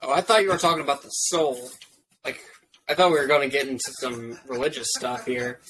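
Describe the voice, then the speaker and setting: A man's voice: medium pitch, fairly even intonation, fairly quick, a bit bright, a little hiss or hum, rough recording. A young man co-hosting a casual movie review podcast, talking in a hesitant way with many restarts. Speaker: podcast co-host.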